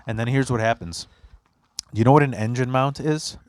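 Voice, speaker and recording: A young man hosts a podcast, chatting casually and telling stories in an animated way, acting out quotes and swearing a lot. His voice sits in the mid-range and moves at a normal speed, recorded dry.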